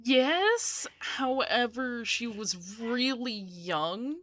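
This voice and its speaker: A woman's voice: fairly high pitch, animated, very slow, a bit bright, soft background music. A woman playing a tabletop game, talking casually and joking. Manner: joking, chatty with fillers. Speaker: player.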